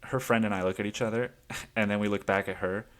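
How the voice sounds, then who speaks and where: A man's voice: on the low side, fairly even intonation, quick pace. A man hosting a solo podcast, rambling casually and swearing often with self-amused laughs. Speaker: podcast host.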